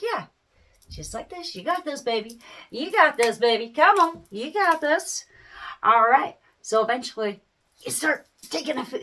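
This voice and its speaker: A middle-aged woman chats to camera with lots of up-and-down in her voice, sitting a little high for a woman. She talks in a folksy, animated way, often laughing and tossing in a casual "man.". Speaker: small business owner giving parenting advice.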